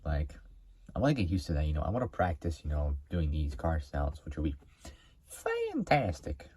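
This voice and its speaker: A man's voice: extremely low pitch, fairly quick, mellow. A man hosting a car video, talking casually to camera in a rambling way, full of fillers and restarts.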